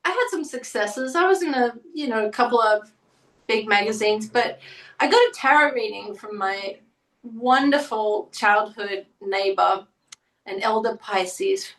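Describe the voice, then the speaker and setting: A woman's voice: fairly high pitch, measured pace, fairly bright tone. A middle-aged woman telling stories as an interview guest, chatting casually and acting out quotes. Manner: chatty storytelling, acts out quotes. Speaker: guest, painter. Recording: roomy, from a distance.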